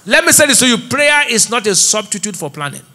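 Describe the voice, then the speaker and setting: A man's voice: very high-pitched, sing-song, quick pace, pushed and bright. A middle-aged Nigerian man preaching a sermon and asking the congregation to fill in his words. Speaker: pastor. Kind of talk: sermon with call-and-response. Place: church auditorium.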